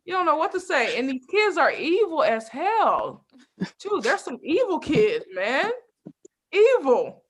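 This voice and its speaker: A young adult woman doing a stand-up comedy set, telling lively stories with constant asides to the crowd. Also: high-pitched, measured pace, a little hiss or hum. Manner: lively storytelling with frequent asides and laughs.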